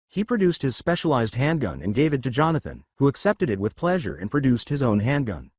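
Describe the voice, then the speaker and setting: A man narrating a fan story in a steady reading voice. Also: medium pitch, a little fast, few pauses, husky, dry recording, studio quality. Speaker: fanfiction narrator.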